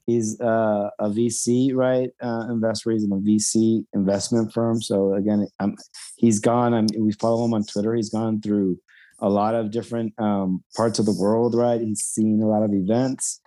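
A man's voice: fairly low pitch, flat delivery, normal speed, warm tone. A man co-hosting a casual podcast, talking in a rambling way full of fillers. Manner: rambling, lots of fillers and "you know". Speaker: podcast co-host. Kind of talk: casual chat.

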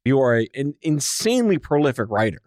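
Male host, playful and chatty; animated delivery, dry studio mic. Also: medium pitch, brisk, dry recording. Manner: joking, teasing, chatty. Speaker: podcast host. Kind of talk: casual interview chat.

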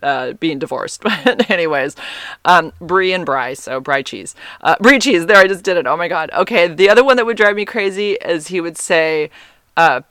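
A woman hosting her own podcast, talking alone in a rambling, animated way with lots of "like" and "um". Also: fairly low pitch, normal speed, dry recording. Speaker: podcast host. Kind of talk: casual solo podcast chat.

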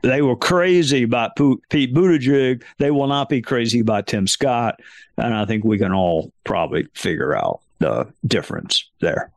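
A man's voice: medium pitch, lively intonation, moderate pace, creaky, no echo, clean studio sound. A middle-aged man, chatting casually as a podcast host in an emphatic, folksy, self-mocking way. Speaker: podcast host answering listener questions. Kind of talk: casual chat.

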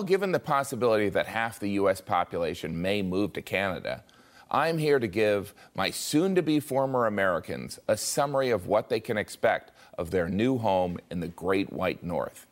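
A man delivering a scripted comic commentary in a dry, self-mocking way. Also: lowish voice. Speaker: comedy commentator.

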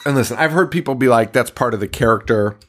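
A man's voice: medium pitch, fast. A man co-hosting a casual horror movie podcast, laughing often and swearing freely as he recaps scenes. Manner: laughing, profane, animated. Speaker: podcast co-host.

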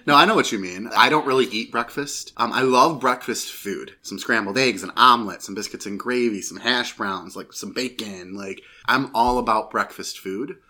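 A man's voice: mid-range voice, moderate pace, few pauses, bright, forceful tone. A man co-hosting a food podcast, chatting in an easygoing, agreeable way with many fillers. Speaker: podcast co-host. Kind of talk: casual chat.

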